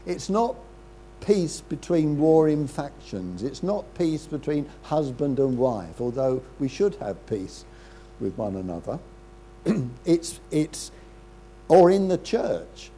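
An older man preaching a sermon in a conversational way, with rhetorical questions and frequent throat-clearing. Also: fairly high pitch, sing-song, takes it slowly, mellow, a little hiss or hum.

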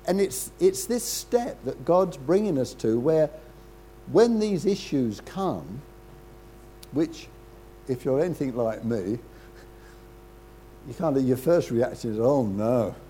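An older man preaching a sermon in a conversational way, with rhetorical questions and frequent throat-clearing. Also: medium pitch, expressive, slow, pauses often, mellow, slight background noise.

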